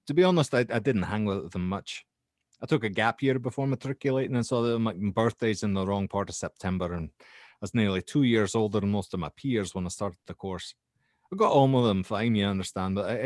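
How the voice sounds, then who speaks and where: A young Scottish university student recounts a strange night, halting and restarting as he goes, with a man putting on the accent. The voice sits a little low. The sound is dry and close. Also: a little mellow, dry recording, lightly acted. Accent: put-on Scottish. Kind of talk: dramatic reading of a horror statement.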